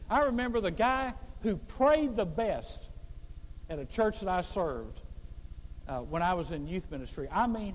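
A man preaching a sermon to a large congregation, animated and playful, acting out prayers in mock voices. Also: sits high, in a large hall, rough recording. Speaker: pastor. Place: large church.

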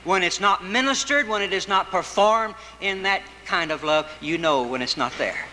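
A man's voice: sits high, normal speed. Man preaching in a reverberant hall. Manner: rhythmic preaching with wide swings between raised and hushed delivery. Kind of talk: sermon. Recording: reverberant hall with faint background noise.

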